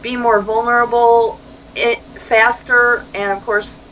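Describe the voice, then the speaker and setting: A woman's voice: on the high side, slow, slight background noise, poor audio. A woman speaking as a life coach in an interview, telling stories animatedly and acting out quoted dialogue. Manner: animated storyteller who acts out quoted dialogue and laughs easily. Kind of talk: conversational interview.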